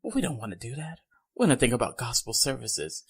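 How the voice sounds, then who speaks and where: Animated laughing male podcast co-host. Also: medium pitch, fast talker. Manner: animated, laughs often, does goofy impressions. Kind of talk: casual podcast chat.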